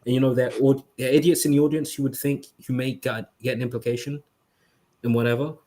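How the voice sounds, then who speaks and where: A man's voice: mid-range voice, little pitch movement, fast, warm tone. A man in a casual panel chat who mimics others mockingly. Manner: mocks others with quoted impressions. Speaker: podcast panelist.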